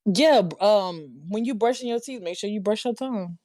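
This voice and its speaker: A woman guest on a podcast speaks hesitantly, filling pauses with ums and light laughter. Her voice has a mellow, dark tone, and it is recorded dry and close. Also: medium pitch, no room sound. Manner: hesitant, giggly, many ums. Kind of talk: casual chat.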